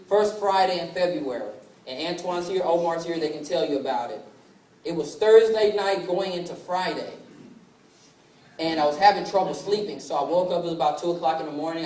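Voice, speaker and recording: A man's voice: fairly high pitch, darkish tone. A man in his twenties giving a motivational business presentation, telling stories and acting out family dialogue. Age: 20s. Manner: storytelling that acts out family dialogue. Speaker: sales presenter. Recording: echoey hall from far off, faint ambience.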